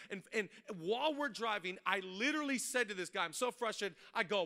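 A man, a pastor preaching a sermon, mixing funny stories with loud, rising exhortation. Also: sits high, expressive, quick pace, hardly any pauses. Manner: humorous storytelling, building to loud preaching. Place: church stage before a congregation.

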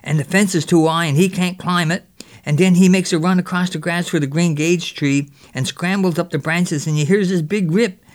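A man voicing a mischievous boy who spins a lively tale in local dialect. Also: high-pitched, normal speed, lightly acted. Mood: boastful. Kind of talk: character storytelling.

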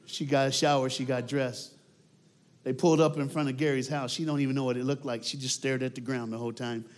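A man giving a storytelling speech, animated and talking straight to his audience. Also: medium pitch, quick pace, a little hiss or hum. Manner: animated, talks straight to the crowd.

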